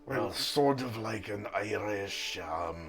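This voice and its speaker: A man's voice: lowish voice, animated, takes it slowly, vocal fry, over music. A man narrating as game master in a tabletop role-playing session, laughing often and teasing his players.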